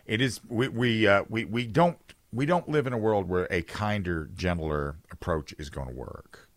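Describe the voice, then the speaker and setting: Man, radio talk host, opinionated, conversational, low lively voice, dry studio. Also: moderate pace, no room sound. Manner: opinionated, conversational, reads listener texts aloud. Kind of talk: political talk radio monologue.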